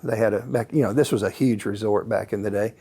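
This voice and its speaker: A man, a guest author and paranormal researcher, telling stories in a calm, casual way with many fillers. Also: on the low side, quick pace, breathy edge. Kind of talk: relaxed anecdotal storytelling.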